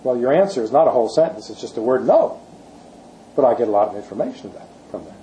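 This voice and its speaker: A man's voice: medium pitch, lively intonation, rapid-fire, mellow, slight background noise, low-quality recording. A man giving a classroom lecture on language and the Bible, explaining patiently, leaning hard on key words and asking rhetorical questions. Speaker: Bible teacher.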